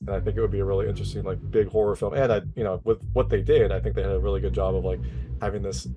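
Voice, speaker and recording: Male interview host, quick and eager, casual fillers. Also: fairly low pitch, fairly even intonation, muffled recording, background noise. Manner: enthusiastic, with frequent "like" fillers and repeated words.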